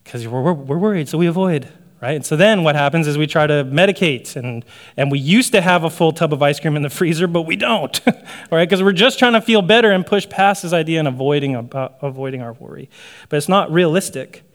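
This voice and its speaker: A man delivers a sermon in a relaxed, talky way, checking in with his listeners and laughing lightly. His voice sits a touch higher than most men's. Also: brisk. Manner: conversational preaching with frequent "right?" asides and light laughs. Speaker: pastor.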